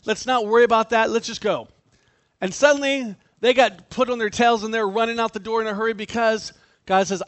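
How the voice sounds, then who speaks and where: A man preaching a sermon, animated and acting out the voices he quotes. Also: high voice, brisk, no room sound. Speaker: pastor.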